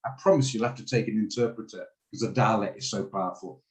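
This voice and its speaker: A trading coach whose first language is English leads a live online trading class on a video call. He speaks quickly in a lowish, steady voice, rambling and laughing often as he explains. The recording is rough.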